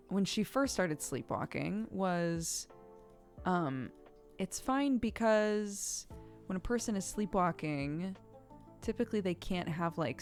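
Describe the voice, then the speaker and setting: A woman streamer chatting casually, telling stories in a rambling, chatty way. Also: on the low side. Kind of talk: casual chat while gaming.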